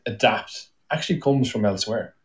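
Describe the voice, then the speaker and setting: An Irish man chatting casually on a podcast, swearing freely, laughing often and getting loud and excited. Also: lowish voice, moderate pace, far from the mic. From Ireland. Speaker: guest.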